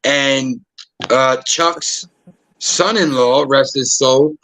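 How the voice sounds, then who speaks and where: A man in casual chat, a host who tells profane, animated stories and acts out the people in them. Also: mid-range voice, extremely slow, poor audio. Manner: profane, animated storytelling with acted quotes. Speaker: podcast host.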